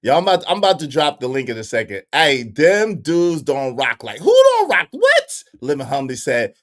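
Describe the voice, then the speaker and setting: A young man hosting a casual livestream, bantering with the chat in animated, repetitive bursts with frequent laughs. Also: medium pitch, a little fast. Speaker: livestream host.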